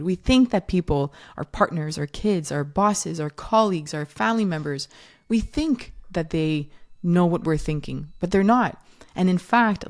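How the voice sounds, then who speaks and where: A woman's voice: lowish voice, darkish tone. A woman in her thirties hosting a solo parenting podcast, talking conversationally, correcting herself and playing out quoted moms with animation. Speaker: podcast host and parenting educator.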